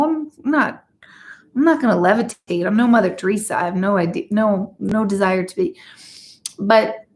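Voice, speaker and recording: A woman in her forties, an intuitive reader, chatting candidly with her live audience and swearing freely. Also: medium pitch. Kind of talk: casual livestream chat.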